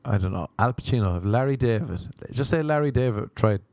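A man's voice: mid-range voice, lively intonation, a little fast, a little mellow, no echo. Sardonic Irish man doing stand-up. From Ireland. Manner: rambling, sardonic observational storytelling. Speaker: stand-up comedian. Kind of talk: stand-up comedy routine.

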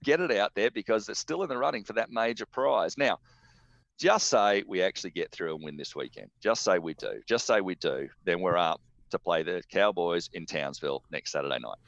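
A man's voice: sits low, lively intonation, brisk, vocal fry, fairly bright tone, dry recording. An Australian man hosting a casual sports podcast, talking with enthusiastic, rambling energy. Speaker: podcast host. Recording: dull lo-fi dry sound.

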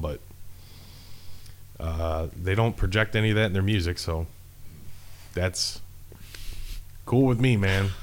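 Man, very low voice, laid-back, profane, rambling, podcast co-host, casual chat. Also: slight background noise.

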